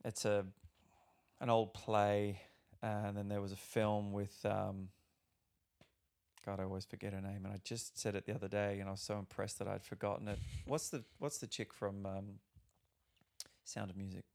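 A man's voice: on the low side, flat delivery, moderate pace, gravelly, long pauses, a little mellow. A young man hosting a podcast, chatting casually and animatedly, swearing and laughing often. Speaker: podcast host. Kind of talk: casual chat.

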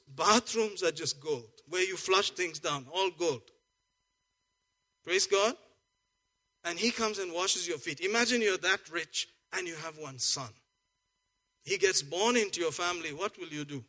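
A male pastor preaching a lively, joking sermon, swinging from soft asides to loud exclamations. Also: sits high.

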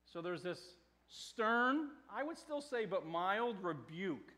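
Animated high-voiced American preacher. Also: male voice, normal speed. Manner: animated storytelling with laughs and shouted quotes. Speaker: pastor. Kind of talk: sermon.

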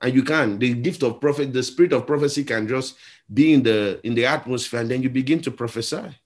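A man with a Nigerian accent preaching a sermon as a pastor. He tells stories and acts out the voices in them, moving between quiet and loud. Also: medium pitch, a little fast. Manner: storytelling, acts out voices in a story, shifts between soft and loud.

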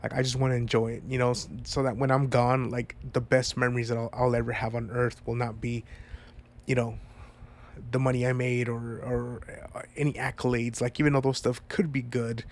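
A man's voice: mid-range voice, level tone, a little fast. Congested man in an earnest vlog. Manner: earnest, heartfelt, rambling. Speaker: vlogger. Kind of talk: reflective personal vlog.

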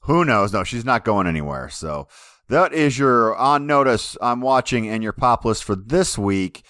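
A man's voice: fairly low pitch, animated, a little slow, fairly bright tone, smooth, dry recording, clean studio sound. A man co-hosting a casual podcast about wrestling over a remote call. He talks in an easygoing, hesitant way and often stops to restart his sentences. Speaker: podcast co-host.

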